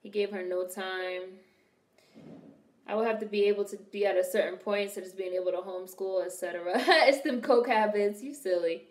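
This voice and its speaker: A woman's voice: mid-range voice, steady tone, moderate pace, darkish tone. A young woman from Washington, D.C., hosting a film reaction video, talking bluntly with profane wisecracks. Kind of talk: casual film reaction commentary. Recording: roomy echoey room.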